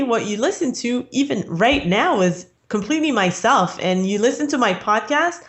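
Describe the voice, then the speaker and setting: A woman guest on an interview podcast, talking about business in a chatty way with many fillers and frequent laughs. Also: medium pitch. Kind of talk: casual interview chat.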